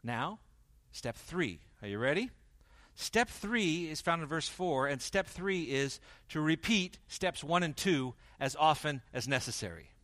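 Male pastor delivering a sermon, animated and shifting from loud to hushed, performs quoted voices, dry close recording. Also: on the high side, unhurried, no echo. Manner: animated preaching, swings from loud emphasis to quiet intensity; acts out quoted dialogue in varied voices.

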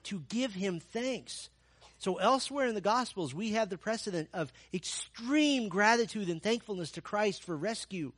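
A man's voice: high-pitched, no echo. A man preaching a sermon, telling the story with rhetorical questions and emphatic repetition. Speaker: pastor.

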